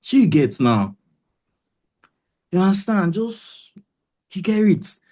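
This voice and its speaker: Nigerian woman voice coach, low and mellow, swinging pitch, pushy motivational delivery. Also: big pitch swings, takes it slowly. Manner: emphatic, repeats herself, keeps asking "do you understand". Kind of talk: motivational webinar talk.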